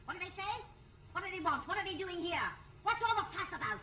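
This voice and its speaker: Shrill deaf old woman. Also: fast, dull audio, over a noisy crowd. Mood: querulous. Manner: shrill, querulous questioning. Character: deaf, suspicious old woman of a gloomy house. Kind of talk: 1930s film acting. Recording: roomy old film soundtrack.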